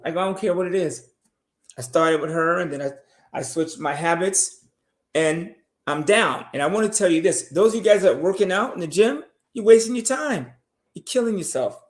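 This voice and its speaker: A man co-hosting a talk show, giving animated, opinionated advice in casual speech and swearing freely. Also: high-pitched, roomy sound. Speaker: podcast co-host.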